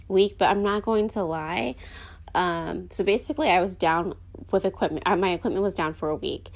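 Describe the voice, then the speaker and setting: A young woman with vocal fry and a voice on the low side hosts a podcast by herself. The casual talk rambles and is packed with fillers.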